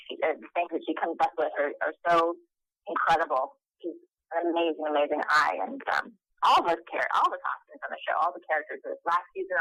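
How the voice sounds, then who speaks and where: A woman's voice: on the low side, gravelly, bright, forceful tone, no echo, poor audio. A woman speaking as an actress guest in an interview, talking enthusiastically with lots of fillers and restarts. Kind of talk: interview conversation.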